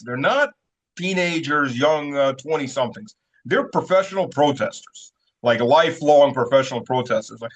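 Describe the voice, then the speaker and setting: A man's voice: on the high side, expressive, a little fast, husky. A man telling stories in a casual interview, rambling with many fillers and chuckling as he goes. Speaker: guest commentator. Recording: dull lo-fi sound.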